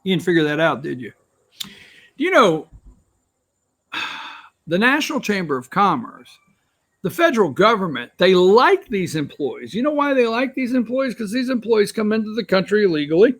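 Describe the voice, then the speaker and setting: A male talk show host with a high, bright voice. He rambles and sneers while giving his opinions, and he talks to his viewers as if they were in the room with him. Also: big pitch swings, normal speed, long pauses. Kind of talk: opinionated commentary.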